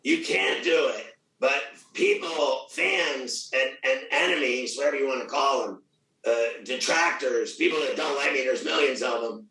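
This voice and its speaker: Gravelly loud middle-aged man. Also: medium pitch, expressive, measured pace, distant mic. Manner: loud, profane, boastful. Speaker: radio host guest. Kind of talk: casual interview. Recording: echoey room, off mic.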